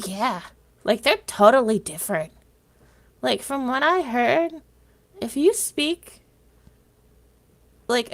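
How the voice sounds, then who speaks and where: A woman's voice: a little high, vocal fry. A woman livestreamer chatting casually with viewers, rambling and sometimes trailing off into whispers.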